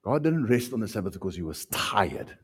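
Husky South African preacher. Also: male voice, on the low side, big pitch swings, moderate pace. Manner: impassioned preaching, swinging from loud to hushed. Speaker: pastor. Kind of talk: sermon.

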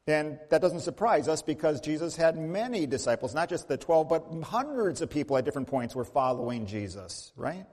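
A male pastor with a fairly high voice preaches a sermon, carrying his story with sudden rises and drops in pitch and volume. He poses questions to his congregation, and his voice trails into a long reverb in the sanctuary. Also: expressive, normal speed, few pauses. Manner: storytelling with big swings in pitch and loudness, asking the congregation questions. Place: church sanctuary.

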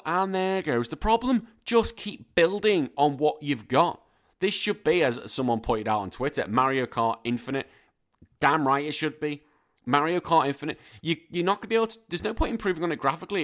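Swearing, ranting British podcast host. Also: male voice, a little high, fairly quick. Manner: ranting, swears freely, animated. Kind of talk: casual podcast chat. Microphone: podcast microphone.

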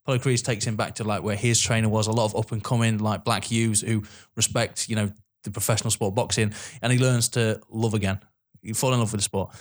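A young man talks films on a podcast, quick on his feet and rattling through his points. He is animated, swears freely and laughs often as he chats. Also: on the low side. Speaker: podcast co-host. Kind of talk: casual film chat.

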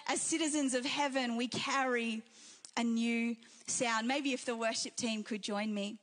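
A woman delivers a church sermon in a high, bright register. She preaches with fervour, stacking repeated phrases into a rising, rhythmic cadence. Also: steady tone, a little slow. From Australia and New Zealand. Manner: fervent, repetitive preaching cadence.

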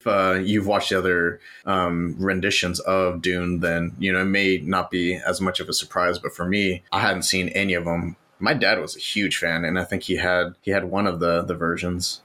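A man in casual conversation about films, speaking in a measured way and adding supporting points. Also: sits low, level tone, bright, forceful tone. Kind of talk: casual film discussion.

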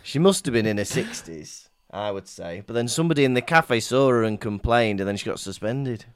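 Teasing man, lively pitch. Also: clear, resonant tone, no room sound. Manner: teasing, chipping in with quick asides. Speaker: podcast co-host. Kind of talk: casual chat.

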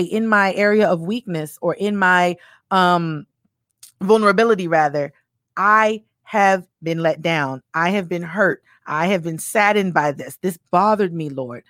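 A woman co-hosting a casual faith discussion, animated and acting out little voices, with many fillers. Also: medium pitch, no echo, clean studio sound.

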